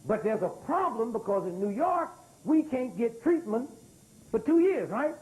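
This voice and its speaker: A man's voice: very high-pitched, normal speed, rough recording. A man in his sixties giving a live lecture, calling out to the audience for answers and hammering key words through repetition. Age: 60s. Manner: animated, calls out to the crowd for responses; emphatic, repeats key words.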